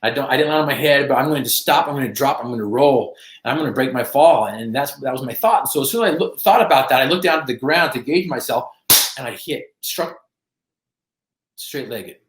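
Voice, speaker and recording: A man's voice: medium pitch, expressive, a little fast, reverberant. A middle-aged man from the United States, telling his own story as a podcast guest, acting out his quotes, with many fillers. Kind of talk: storytelling in an interview.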